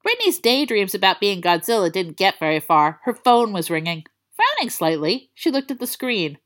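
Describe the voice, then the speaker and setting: A woman reading a story aloud in a playful, expressive way. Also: mid-range voice, moderate pace. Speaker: narrator. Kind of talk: storybook fan-fiction reading.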